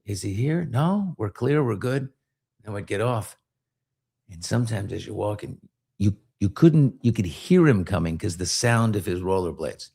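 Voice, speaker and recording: Animated man telling a story. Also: on the low side, moderate pace, creaky, breathy edge. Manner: animated, acts out voices in his stories. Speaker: podcast host. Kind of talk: casual storytelling chat.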